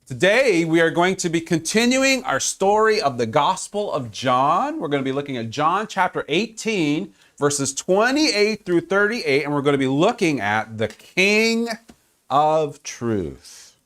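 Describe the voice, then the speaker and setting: A man preaching a sermon, swinging between loud exclamations and hushed, quiet stretches. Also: fairly high pitch, big pitch swings, a little slow. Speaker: pastor.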